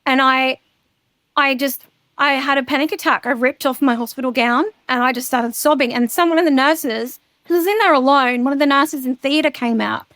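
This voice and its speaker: A woman's voice: high-pitched, normal speed, fairly bright tone, dry recording. A woman, a podcast guest, telling her personal story frankly and casually, swearing freely.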